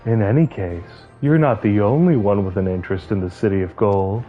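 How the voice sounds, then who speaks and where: A man lends his voice to a hulking cat woman who speaks low, formal and earnest. Each line is given the measured weight of a game cutscene. The sound is a little muffled, with game music under it. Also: natural voice. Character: big buff cat woman, bold and earnest. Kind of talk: voicing game cutscenes on stream.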